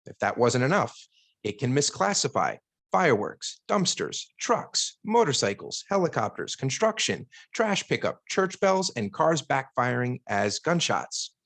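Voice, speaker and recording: A man's voice: mid-range voice, sing-song, a little slow, creaky, a bit bright, no room sound. A man co-hosting a podcast, reading prepared points and breaking into loose chat. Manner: reads prepared points, then chats loosely. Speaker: podcast co-host. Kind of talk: casual podcast discussion.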